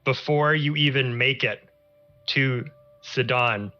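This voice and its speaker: A man with a very bright, forward voice narrates a tabletop game as its dungeon master. He paces out each scene slowly, drawing out his words. The audio is a bit dull, with faint music underneath. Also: mid-range voice. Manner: slow, drawn-out scene narration.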